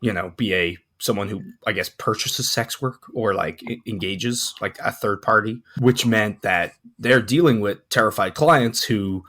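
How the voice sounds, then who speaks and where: A man co-hosting a sex and dating podcast in casual chat, talking in a relaxed, rambling way with a croaky morning voice. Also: fairly low pitch, a little slow, few pauses. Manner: relaxed, rambling, frequent fillers. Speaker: podcast co-host.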